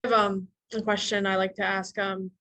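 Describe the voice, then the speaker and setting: A woman interviewing a guest on a panel, asking her question in halting pieces. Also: mid-range voice, little pitch movement, sharp tone, rough recording. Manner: halting, hesitant phrasing.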